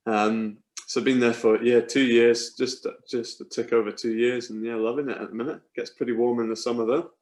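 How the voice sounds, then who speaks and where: A Scottish man in his twenties, a cricketer, chatting as a guest in a relaxed, joking way. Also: medium pitch, moderate pace, few pauses. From Scotland. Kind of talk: casual interview chat.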